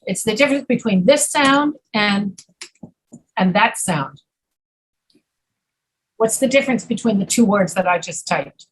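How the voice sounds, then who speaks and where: A woman teaching an English pronunciation class, patiently repeating words slowly to demonstrate sounds. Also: medium pitch, lively intonation, husky, rough recording. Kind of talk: online pronunciation lesson.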